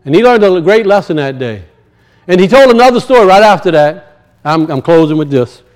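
Man, preacher, sermon storytelling, high-pitched, lively swings. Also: brisk, poor audio. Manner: animated, swings from loud high peaks to low muttered asides.

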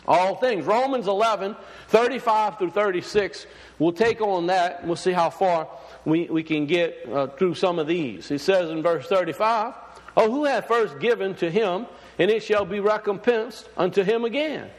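Speaking at normal speed in a high, animated voice, a man gives a sermon. He addresses the congregation informally, filling it with restarts, fillers, and questions for them. Long hall reverb colors the sound.

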